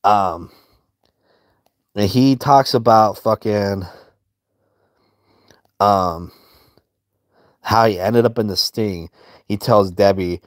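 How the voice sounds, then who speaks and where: A man with a lowish voice speaks unhurriedly while streaming and drawing, recorded cleanly in a studio with no room sound. His casual commentary as he draws is crude, rambling and heavily profane.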